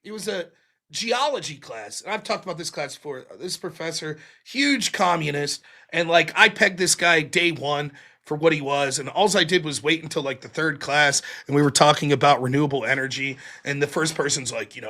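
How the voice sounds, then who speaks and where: A young man hosting a call-in show, telling stories in a profane, animated way and putting on mocking voices for the people he quotes. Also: a little high, moderate pace. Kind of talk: casual call-in chat.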